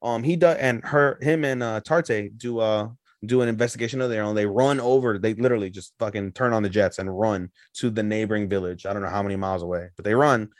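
A man co-hosting an anime podcast in casual chat, animated, with squeaky put-on voices when retelling scenes. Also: fast, few pauses, no echo, studio quality. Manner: animated, jumps into high squeaky voices for characters. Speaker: podcast co-host.

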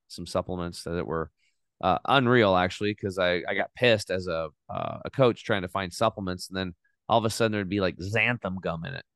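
A middle-aged man telling his story in a casual, animated way as a podcast guest, swearing now and then. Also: deep voice, smooth, dry recording, clean studio sound.

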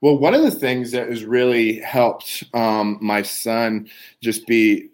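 A man's voice: medium pitch, slow. Earnest man sharing faith stories. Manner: fervent, repeats words while finding his thought. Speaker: guest minister. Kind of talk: earnest conversational testimony. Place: Canada.

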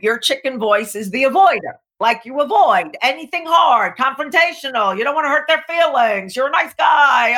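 Emphatic middle-aged woman coach, bright. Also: a little high. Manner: animated, emphatic, acts out voices. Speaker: guest coach. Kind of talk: podcast interview, coaching talk.

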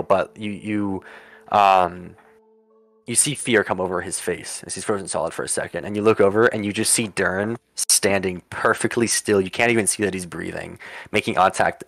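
A man narrating as game master for a tabletop campaign, rambling with lots of fillers and quick in-character asides. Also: sits low, fairly bright tone, dry recording.

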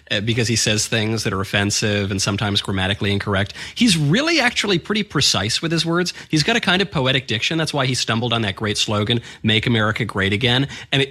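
Bright-toned husky male pundit. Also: mid-range voice. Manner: analytical, measured, opinionated. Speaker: co-host. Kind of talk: political commentary chat.

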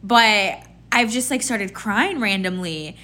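A woman's voice: medium pitch, animated, slow, pushed and bright. A woman hosting a solo podcast, talking through her feelings in a candid, casual way, with lots of "like" and "you know". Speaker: podcast host. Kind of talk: reflective solo podcast monologue.

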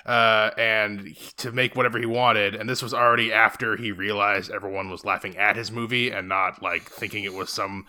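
A man's voice: on the low side, fairly even intonation, brisk, few pauses, bright, forceful tone. A man hosting a casual movie chat, rambling with many fillers and restarts. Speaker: podcast host.

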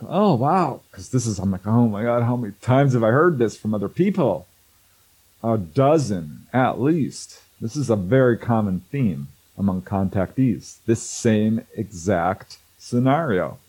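A man's voice: lowish voice, lively intonation, moderate pace, warm tone, slightly rough, rough recording. A man telling a story in casual conversation as a guest, acting out quoted voices and laughing often. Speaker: guest, researcher of contact stories.

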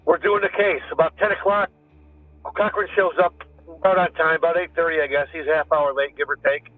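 A man's voice: fairly high pitch, level tone, fairly quick. A man, a former police detective, recounting events in a rambling, casual way, often slipping into quoting others. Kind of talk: recounting a story in casual talk. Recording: phone-like line with faint music.

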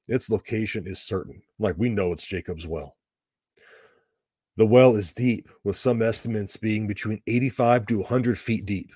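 A man with a low voice teaches through a scripture passage, laying out the background step by step in a relaxed, conversational way. His delivery is recorded close and dry, with no room sound around it. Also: breathy edge, no room sound. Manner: conversational, explaining step by step with casual asides. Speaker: Bible teacher. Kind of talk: explanatory Bible lesson.

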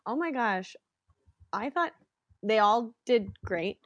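A woman's voice: a little high, expressive, takes it slowly, dry recording. A woman co-hosting a casual chat, retelling jokes with lots of fillers. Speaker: podcast co-host.

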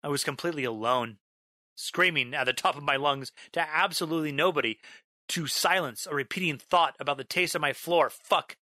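A man tells a first-person horror story in a bright, clear voice, recorded close with no room sound. His delivery is dramatic, stretching out a haunting refrain and erupting into shouts as the tension mounts. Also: fairly high pitch, no echo. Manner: dramatic, slows down on a repeated line, bursts into yelling. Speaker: narrator.

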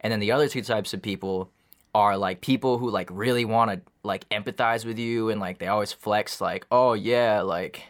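Low-voiced young man ranting casually. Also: steady tone, a little fast. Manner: rambling, profane, many fillers. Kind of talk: casual chat.

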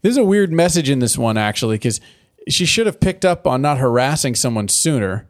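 A man's voice: medium pitch, sing-song, fairly quick. A man in a casual chat, recapping a cartoon episode in a loose, profane way with lots of fillers.

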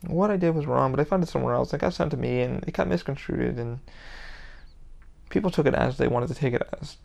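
Male solo podcaster, gravelly voice, profane and rambling, passionate and blunt. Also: mid-range voice, fast, darkish tone. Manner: heavy swearing, rambling and emphatic. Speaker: podcast host. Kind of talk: casual solo podcast rant.

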